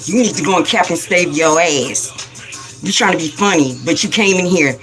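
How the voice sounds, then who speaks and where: A woman hosts a spiritual livestream with a somewhat low voice. She talks in a preachy, scolding, rapid-fire way, repeating phrases for emphasis. Faint music plays in the background. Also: fairly bright tone. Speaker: livestream host.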